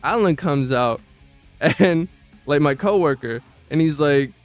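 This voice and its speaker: A man's voice: a little high, lively intonation, a little slow. A man casually telling stories from his old job, slangy and profane, stumbling over restarts. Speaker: vlogger recounting old job. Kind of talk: casual storytelling. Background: faint background music.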